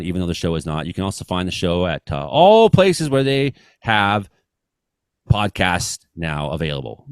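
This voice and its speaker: A male radio host with an Ottawa Valley accent jokes and rambles through the show. His pitch swings widely, and the sound is dry and close. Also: no room sound. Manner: joking, animated, rambling. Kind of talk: casual show banter.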